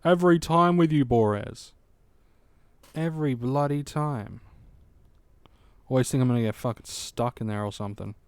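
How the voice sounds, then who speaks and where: Male streamer, late 20s: smooth voice, dry close sound, chatty and swearing, talking to himself. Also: medium pitch, normal speed, long pauses, no echo. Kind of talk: casual gaming livestream commentary.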